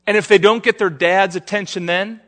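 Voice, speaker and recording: A male preacher tells stories in a sermon, acting out each quote with animation. His voice sits fairly high and rings forceful and bright. A long reverb from a large hall hangs behind him. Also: moderate pace. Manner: animated storyteller, acts out the quotes. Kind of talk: sermon with storytelling.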